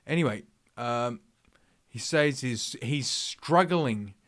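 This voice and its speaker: Live on stream, a man rants through his opinions, rambling and swearing, with plenty of fillers and restarts. His mid-range voice is animated and a bit bright, though his pace is slow.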